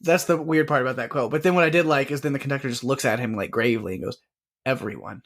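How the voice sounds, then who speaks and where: A man co-hosting a movie podcast, chatting casually and rambling with lots of fillers and quick laughs. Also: mid-range voice, fairly bright tone. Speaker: podcast co-host. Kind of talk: casual movie review chat.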